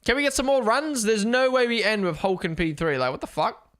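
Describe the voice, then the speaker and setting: Hosting a live watchalong of a race, this young man talks fairly quickly in a high voice. He's casual and excitable, cursing as his thoughts spill out.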